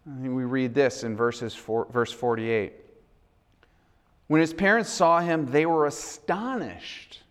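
A man's voice: mid-range voice, slow, a bit bright, smooth. A man preaching a sermon in a conversational, earnest way. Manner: conversational, earnest, acts out quoted dialogue. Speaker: pastor.

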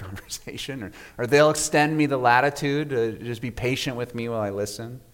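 A man preaching a sermon as pastor, measured and reflective, often letting his voice fall to a soft hush at the end of a phrase. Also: mid-range voice. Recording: long reverb of a large hall.

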